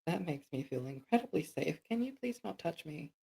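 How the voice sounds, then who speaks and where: A man playing a character in a tabletop game, speaking hesitantly and haltingly. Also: on the high side, lively intonation, creaky, dark tone, low-quality recording. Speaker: player.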